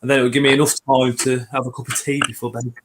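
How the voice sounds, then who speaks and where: A man's voice: medium pitch, flat delivery, very fast. Scottish man, podcast host, casual chat, swears a lot, faint background noise. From Scotland. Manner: sweary, jokey. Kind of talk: casual late-night chat.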